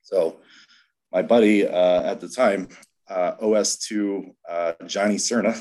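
A man's voice: low-pitched, unhurried. A man, a Navy veteran, telling a rambling story in casual conversation with many fillers and acting out quoted dialogue. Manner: acts out quoted dialogue in animated voices.

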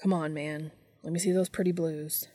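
A woman reading a storybook part as an easygoing grown man who talks softly and coaxingly, sometimes whispering. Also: low voice, steady tone, moderate pace, breathy edge.

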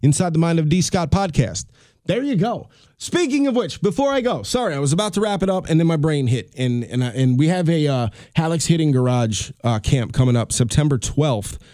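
Middle-aged guy rambling on his solo podcast, mellow voice, dry close sound. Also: fairly high pitch, expressive, fairly quick, dry recording. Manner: rambling, chatty, self-deprecating. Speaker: podcast host. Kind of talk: casual solo podcast monologue.

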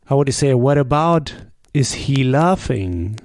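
A man, a native German speaker, teaching a language lesson with patient drills and sample sentences spoken slowly. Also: mid-range voice, animated, a little mellow, dry recording, clean studio sound.

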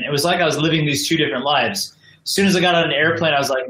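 A man's voice: a little high, fairly even intonation, fast talker, sharp tone, reverberant, poor audio. An American man, a podcast guest joining by video call, telling his story in a casual, rambling way full of "like" and "you know". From United States. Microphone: video call from home.

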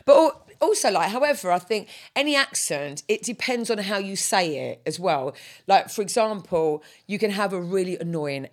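A woman's voice: medium pitch, lively intonation, moderate pace. An Irish woman co-hosting a casual podcast chat, leading the talk through a list. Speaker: podcast co-host.

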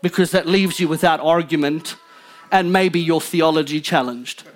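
A man preaching a sermon from the pulpit as pastor, fervent and emphatic, building intensity then dropping low. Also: normal speed.

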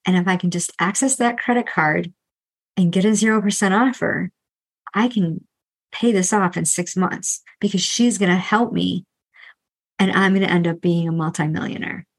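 A middle-aged woman and financial coach, talking candidly and earnestly about her own past with debt, restarting often and tossing in quick asides. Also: on the low side, steady tone, husky, poor audio. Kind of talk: candid solo podcast monologue.

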